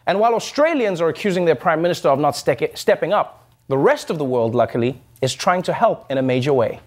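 High-voiced man joking through the news. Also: expressive. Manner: joking, punchy delivery with quick asides. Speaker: host. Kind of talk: satirical news monologue.

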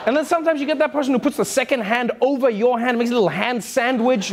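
A South African man hosting a late-night comedy show, delivering an animated, mocking monologue. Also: very high voice, background noise. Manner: animated, mocking, quick asides. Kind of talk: stand-up monologue.

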